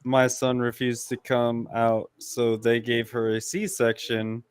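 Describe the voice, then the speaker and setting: A man's voice: medium pitch, fairly even intonation, takes it slowly, smooth, no echo. A young man chatting casually on a stream, telling a story in a laid-back, crude way. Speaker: guest on stream.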